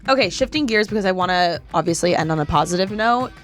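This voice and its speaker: A young woman hosting a podcast, upbeat and giggly, asking quick casual questions. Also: fairly low pitch, expressive, soft background music. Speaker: podcast host. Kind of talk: casual chat.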